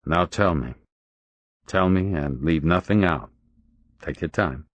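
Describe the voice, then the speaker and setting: A man's voice: low voice, slow pace, no room sound. A man voicing a grim male police detective who gives curt, urgent orders.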